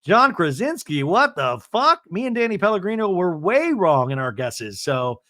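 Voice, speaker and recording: Young male podcast host, animated recap, fairly high voice, dry close mic. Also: moderate pace, dry recording. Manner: animated, mimics cast members' lines with raised voice; swears casually.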